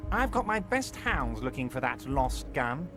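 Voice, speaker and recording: An actor playing a jovial, scheming, heavyset union boss who talks in a smooth, patronizing, falsely reassuring way. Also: male voice, mid-range voice, big pitch swings, unhurried. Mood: falsely soothing. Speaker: video game character. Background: game music.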